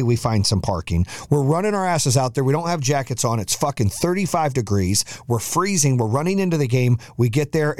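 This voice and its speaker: A middle-aged man hosting a podcast, telling a family story in a casual, animated, profane way and acting out the voices of the people in it. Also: medium pitch, dry recording, studio quality. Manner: animated, profane, quotes himself and others. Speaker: podcast host.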